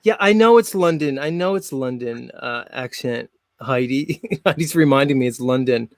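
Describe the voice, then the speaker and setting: A man's voice: medium pitch, normal speed, dry recording, clean studio sound. A man in his forties hosting a casual live show, rambling with many fillers and frequent laughs. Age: 40s. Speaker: show host.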